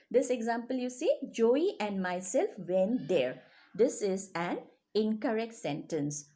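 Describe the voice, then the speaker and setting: Lively woman teaching grammar. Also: mid-range voice. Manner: lively, checks understanding often. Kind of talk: grammar lesson to children.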